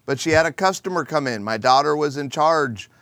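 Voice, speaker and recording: A middle-aged man hosting a comedic monologue, animated and jokey. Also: a little high, fairly quick, no room sound. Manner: animated, jokey, acts out quoted people. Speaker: host.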